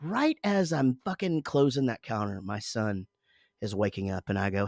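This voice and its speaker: A man's voice: on the low side, normal speed, gravelly, a little mellow, dry recording, clean studio sound. A man in his forties, co-hosting a casual podcast, telling a rambling, profane story about his morning with lots of self-interruptions. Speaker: podcast co-host, father.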